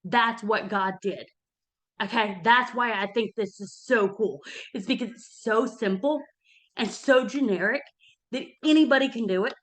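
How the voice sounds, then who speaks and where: A woman's voice: a little high, unhurried, a bit bright. A middle-aged woman giving money advice in a casual motivational talk, earnest and emphatic, often checking in with "okay?".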